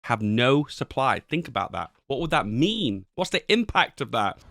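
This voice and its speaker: A man's voice: mid-range voice, very animated, normal speed, creaky, bright, forceful tone. A man who reacts to a travel video and thinks aloud, asking himself questions as he goes. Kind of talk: casual commentary over a video.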